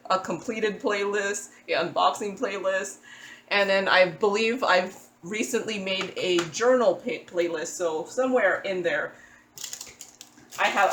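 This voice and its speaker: A woman vlogger talks in a relaxed, chatty way, answering viewer comments and stumbling into frequent restarts. Her voice sits mid-range and bounces around a roomy space. A faint hiss of background noise runs underneath. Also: mid-range voice. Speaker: crafting vlogger.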